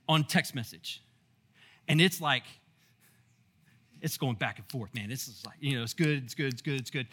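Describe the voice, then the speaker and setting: A man preaching a sermon as pastor, animated and storytelling with asides and rhetorical questions. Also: a little high. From Texas.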